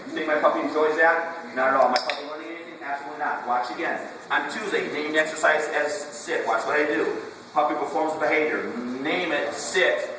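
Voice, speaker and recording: Brief: male dog trainer, slightly high voice, drill-style instruction, recorded from afar in a big echoey hall. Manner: drill-like, quizzing the class, repeating commands. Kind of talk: instructing a puppy class. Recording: echoey hall, distant camera, room noise.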